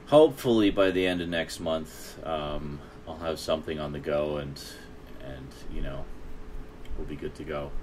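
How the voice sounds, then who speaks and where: Male streamer host, deep voice, rambling casual chat, soft hiss behind. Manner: rambling, laughs often, many fillers.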